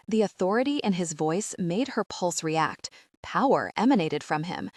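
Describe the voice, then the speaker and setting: A woman's voice: fairly low pitch, lively intonation, normal speed, few pauses, no echo. Woman narrating a romance audiobook.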